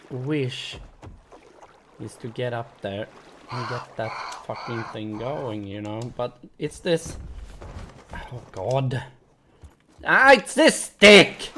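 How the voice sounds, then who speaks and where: Panicked yelps, shrieks, heavy swearing and stuttering fill this let's play from a gaming channel host talking to his audience. He speaks at medium pitch, and the audio carries a faint hiss or hum.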